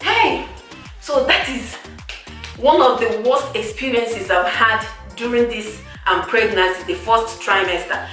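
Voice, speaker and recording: Bright-voiced woman, echoey room. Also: fairly high pitch, a little slow. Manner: animated, laughing often, repeats words for emphasis. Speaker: vlogger. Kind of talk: casual chat to camera. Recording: roomy echo, far from the mic, faint music.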